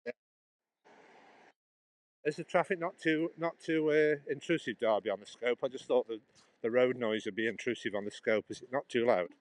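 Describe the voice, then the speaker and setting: A man's voice: mid-range voice, normal speed, pauses often, no echo, poor audio. A man, livestreaming as he walks outdoors beside a busy road. He rambles on in a chatty way and talks straight to a viewer. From England. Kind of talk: live walking vlog.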